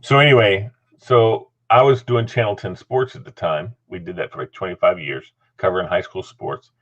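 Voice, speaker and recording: A man's voice: low-pitched, normal speed, dull audio. A middle-aged man hosting a casual chat, telling a story with lots of laughter and acted-out voices. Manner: animated, laughing, acts out voices. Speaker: host.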